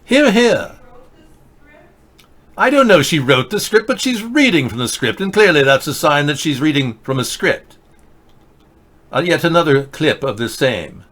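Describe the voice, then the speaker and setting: The host of a casual live political video chat, a man with a slightly high, fairly bright voice, reads viewer comments and tweets aloud. His intonation is lively and his speed normal, with long pauses, and his manner is sarcastic and rambling.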